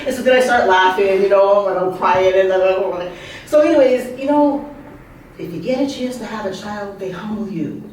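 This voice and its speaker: A woman's voice: mid-range voice, moderate pace, darkish tone, a little hiss or hum. A woman in her fifties telling humorous personal stories at an open mic, chatty and full of asides and questions to the audience. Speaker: open mic speaker and author. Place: art venue open mic. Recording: very echoey room, voice heard from a distance.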